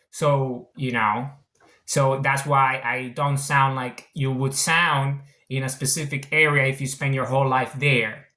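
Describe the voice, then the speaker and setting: This author from Venezuela, whose accent is a mixed international one, gives a casual explanatory monologue about his book, earnest and repetitive as he circles back on points. His medium-pitched voice is bright and forceful, with a roomy sound.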